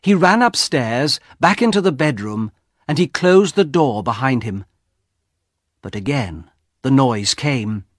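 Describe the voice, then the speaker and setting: A man narrating a graded-reader audiobook in slow, dramatic storytelling. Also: mid-range voice, lively intonation, no echo, studio quality.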